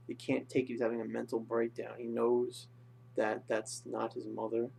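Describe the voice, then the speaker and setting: A man's voice: medium pitch, completely flat delivery, normal speed, gravelly, darkish tone, a little hiss or hum. A young man casually recapping and reviewing an episode, rambling with lots of fillers. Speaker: anime reviewer.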